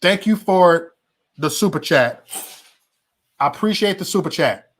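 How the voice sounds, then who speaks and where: A man's voice: high-pitched, animated, a little slow. A man hosting a livestream, ranting heatedly and profanely at his viewers with emphatic repetition and stammered restarts. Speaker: livestream host.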